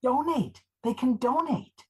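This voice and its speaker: On a low-quality recording, a high-pitched woman speaks somewhat slowly as she does live improv. Her character is a gushing, excitable older activist, jittery and slightly paranoid, raving about each idea while fretting that she'll be found.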